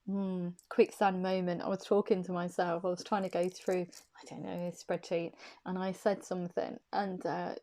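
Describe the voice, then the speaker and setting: A woman's voice: lowish voice, flat delivery, normal speed, warm tone. A woman from Warwickshire with an English accent, giving a casual tarot reading from her room in a chatty, rambling way with frequent laughs. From Warwickshire, England. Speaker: tarot reader.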